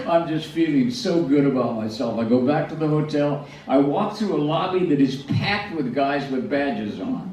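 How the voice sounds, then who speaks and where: An older man tells self-deprecating stories to a live audience, often stumbling and restarting his sentences. His voice sits at a middle pitch. It is picked up from well back in a big, very echoey hall, and the sound is a little dull. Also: animated, moderate pace, darkish tone, recorded from a distance, a little hiss or hum. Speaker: speaker at a museum talk. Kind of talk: storytelling talk to an audience. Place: large hall.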